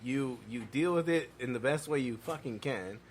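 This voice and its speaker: Profane animated man telling stories. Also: mid-range voice, moderate pace, a little hiss or hum. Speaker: podcast co-host. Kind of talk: casual chat.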